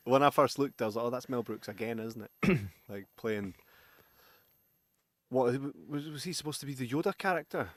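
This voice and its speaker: A man's voice: medium pitch, moderate pace, dry recording. A young man co-hosting a film-review podcast, joking and bantering in casual chat and reading out listener comments. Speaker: podcast co-host.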